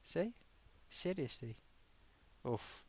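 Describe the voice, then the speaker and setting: A man's voice: a little high, very animated, very slow, breathy edge, heavily acted. A man voicing a cheeky male sock puppet host, reading viewer comments in a chatty way full of oofs and sighs. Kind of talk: live-stream chat.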